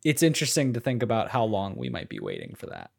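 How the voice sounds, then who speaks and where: A man chatting on a casual gaming podcast, animated and acting out quotes with his voice rising. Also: fairly low pitch, quick pace, gravelly.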